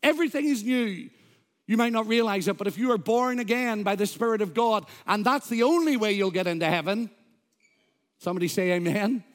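A man's voice: high voice, a little fast. A man, a Pentecostal pastor, preaching an emphatic sermon in church, quoting scripture and joking with the congregation.

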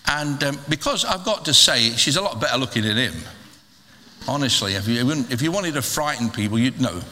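Lively male preacher in a reverberant hall. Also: medium pitch, a little fast. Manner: lively, humorous, with stammered restarts. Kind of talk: sermon.

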